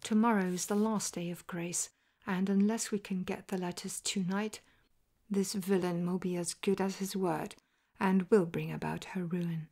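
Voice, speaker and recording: A woman softly voicing a self-assured male detective in a half-whispered, measured way, as whispered role-play. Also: lowish voice, steady tone. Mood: calm resolve. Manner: measured and resolute.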